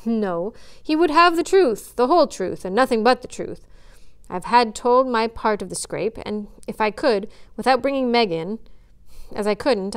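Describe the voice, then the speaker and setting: A woman's voice: a little high, clear, resonant tone, natural voice. A woman reading aloud as a sulky, hot-tempered young man, indignant and defiant.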